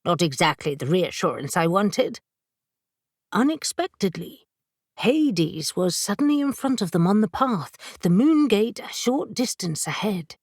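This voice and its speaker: A woman narrating an audiobook in a measured way, giving each character a voice. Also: mid-range voice, very animated, dry recording, studio quality. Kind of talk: scripted narration.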